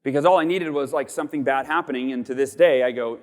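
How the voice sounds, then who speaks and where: A man's voice: medium pitch, fast, hardly any pauses. A man giving an inspirational keynote on a conference stage, earnest and stumbling over repeated words as he speaks. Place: large conference hall stage. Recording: long reverb of a large hall.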